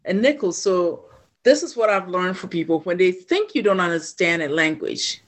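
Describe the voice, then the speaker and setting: A woman from Ghana, a podcast guest, telling a personal story in an animated way and acting out the voices of the people in it. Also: on the low side, normal speed. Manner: animated storyteller who acts out quoted voices.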